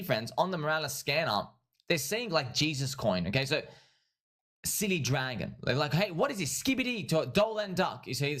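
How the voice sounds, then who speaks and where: Streaming from home, a man with a voice on the high side hosts a livestream full of rambling, casual talk. He's excitable and repetitive and refers to his viewers as friends and bro.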